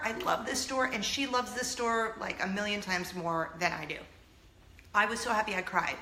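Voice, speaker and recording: Earnest woman, bright voice. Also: a little high, roomy sound. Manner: emotional, earnest, near tears at times. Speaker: vlog host. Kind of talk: casual storytelling to camera.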